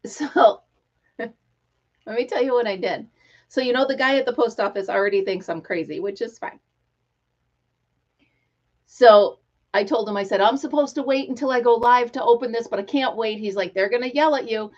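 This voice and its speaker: A middle-aged woman hosting a casual live stream, talking excitedly and telling stories with quoted voices. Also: fairly high pitch, moderate pace, long pauses. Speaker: livestream host. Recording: dull lo-fi live-stream audio.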